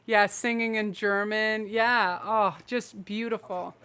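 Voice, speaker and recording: A woman's voice: medium pitch, fairly even intonation, slow pace, fairly bright tone, clear, resonant tone. A woman hosting a live-streamed tarot reading, effusive and emotional, rambling through her messages with restarts. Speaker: tarot reader and channel host.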